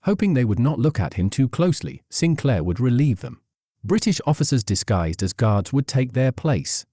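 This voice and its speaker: A man giving scripted documentary narration in a measured, storytelling delivery. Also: medium pitch, very animated, warm tone, no echo, studio quality.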